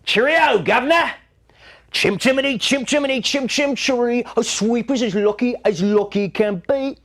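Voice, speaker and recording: A man's voice: extremely high pitch, a little slow, fairly bright tone, voice pushed up, full character voice. A man voicing a cheerful chimney sweep in a sing-song mock-Cockney voice. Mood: chirpy.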